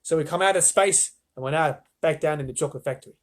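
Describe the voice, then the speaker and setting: A man's voice: a little high, fast talker. A man reading a children's book aloud on a live stream, with chatty asides.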